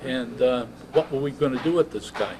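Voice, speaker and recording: Halting elderly veteran man. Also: mid-range voice, a little mellow. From United States. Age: 80s. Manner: halting, many uh's and restarts. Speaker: veteran interviewee. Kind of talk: oral history interview. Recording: noisy background.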